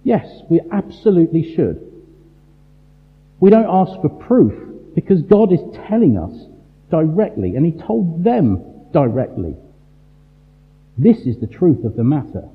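A man preaching a sermon, emphatic and full of rhetorical questions and dramatic pauses. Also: a little high, big pitch swings. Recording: tinny phone-like sound in a large reverberant hall.

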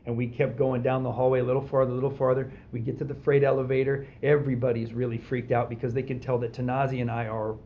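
A man's voice: mid-range voice, fast talker, few pauses, highs cut off, slight background noise. A man co-hosting a podcast, telling a story in casual chat and acting out the voices of the people in it. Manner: animated, acts out quoted voices, frequent fillers.

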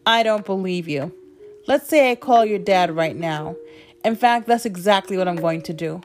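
A woman's voice: lowish voice, normal speed, faint music behind, close to an everyday voice. A woman voicing a blunt, skeptical social worker who challenges her and presses with questions. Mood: challenging.

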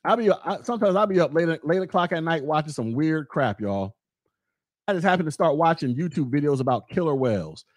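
Blunt high-voiced podcast man. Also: animated, fairly quick, no echo, studio quality. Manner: blunt, rambling, talks straight to listeners. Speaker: podcast host. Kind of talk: casual monologue podcast.

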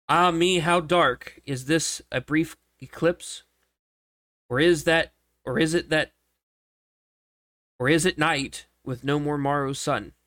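Slow, solemn man reciting a poem. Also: a little high, a bit bright, no echo. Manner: slow, mournful reading with occasional slips and restarts. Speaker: reader.

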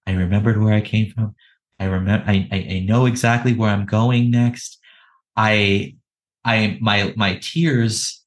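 A podcast guest, a man, telling a personal story in an emotional, halting way, often repeating words and laughing between phrases. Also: lowish voice, gravelly, low-quality recording.

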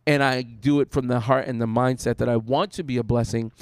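A man, a pastor, talking through faith in a casual discussion, animated and storytelling, with bursts of acted-out voices. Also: medium pitch, a little fast, no echo, clean studio sound.

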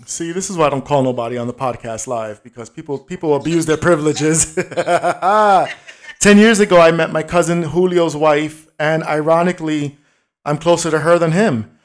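A man's voice: fairly high pitch, brisk. Man, playful podcast host. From Brooklyn, New York. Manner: playful, teasing, loud and animated. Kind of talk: casual podcast chat.

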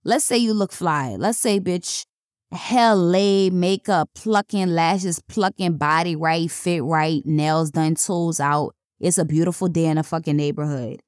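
A woman's voice: a little slow, dry recording, clean studio sound. Blunt, profane young woman podcaster. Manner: profane, blunt and chatty, pitch jumping up when excited. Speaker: podcast host. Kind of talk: casual solo podcast chat.

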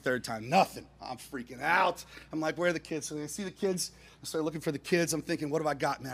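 A man telling a funny personal anecdote, expressive, dropping into hushed asides and rising to near-shouts, chuckling as he goes. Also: a little high, fast talker. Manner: chuckles through his own story. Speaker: storyteller.

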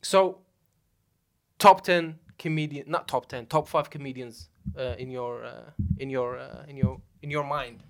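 A man's voice: medium pitch, unhurried, creaky, fairly bright tone. A young man hosting a podcast, chatting casually and loosely with lots of slang and laughter. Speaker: podcast host. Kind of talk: casual chat.

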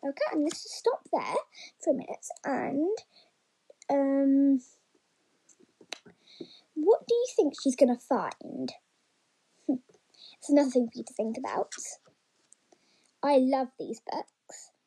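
Lady reading a kids picture book, high mellow voice, lots of ums, asks the kids questions. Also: very animated, takes it slowly, long pauses, rough recording. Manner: chatty and encouraging, with frequent ums and stumbles. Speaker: story reader for young children.

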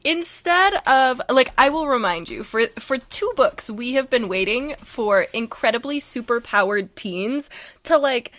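A woman's voice: a little high, animated, a little slow, fairly bright tone. A young adult woman co-hosting a podcast, casual and wry, with sarcastic jabs and frequent laughs. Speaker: podcast co-host. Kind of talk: casual chat.

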